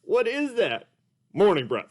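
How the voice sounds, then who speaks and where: A man voicing a sleepy, cheerful male puppet dolphin with an excitable, drowsy drawl. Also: high-pitched, unhurried, pitched above the performer's own voice, exaggerated voice. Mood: sleepy, chirpy.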